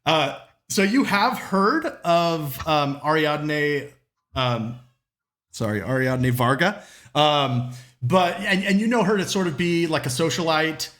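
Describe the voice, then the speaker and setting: A man's voice: on the high side, takes it slowly, a bit bright. A man narrating a tabletop game as game master, casual and full of fillers.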